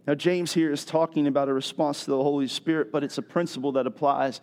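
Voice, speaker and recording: A middle-aged man preaching a sermon as pastor, animated and building to loud rhetorical questions. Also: a little high, fast talker.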